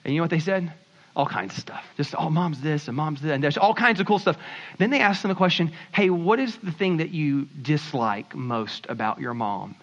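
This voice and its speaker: Animated high-voiced preaching man. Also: moderate pace, lo-fi sound. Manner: animated, conversational preaching with acted asides. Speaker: pastor. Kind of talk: sermon.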